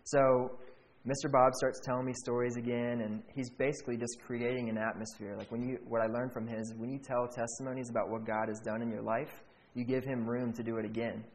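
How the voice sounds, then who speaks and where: A young man casually telling a faith testimony, animated, often saying "like" and acting out what people said. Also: mid-range voice, fairly quick, slight background noise, rough recording. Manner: animated, acts out quotes, fillers "like". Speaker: storyteller sharing a faith testimony. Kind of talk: casual storytelling.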